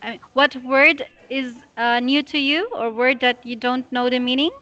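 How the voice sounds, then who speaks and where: A woman tutoring English one-on-one, patiently and slowly correcting a student's pronunciation. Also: high-pitched, sharp tone. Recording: dull lo-fi audio.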